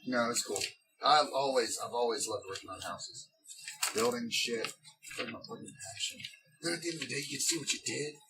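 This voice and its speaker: A man runs a tabletop game, his voice swinging widely as he swears and laughs his way through stories. He sits back from the mic, and there is steady noise around him. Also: mid-range voice, a little fast. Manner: animated, profane, laughs often. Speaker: game master. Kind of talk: casual chat and game narration. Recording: distant mic, noisy room.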